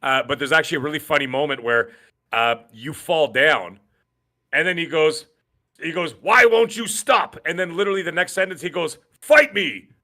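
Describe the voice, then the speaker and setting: A man co-hosting a gaming podcast in casual chat, excitable and given to acting out lines from games. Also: fairly high pitch, fairly quick. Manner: excitable, acts out game characters' lines. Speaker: podcast co-host.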